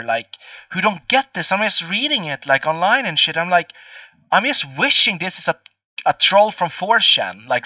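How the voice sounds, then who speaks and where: A man's voice: high voice, pushed and bright, no room sound, far from the mic. A man in his twenties chatting casually as a podcast host, rambling and swearing with many fillers. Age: 20s. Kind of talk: casual chat.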